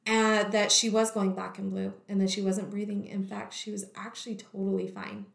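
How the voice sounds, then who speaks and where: A woman's voice: mid-range voice, level tone, normal speed, gravelly. A woman telling her own story in conversation, candidly, with many "like" fillers. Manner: candid, heavy use of "like" fillers. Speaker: guest sharing her story. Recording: echoey room.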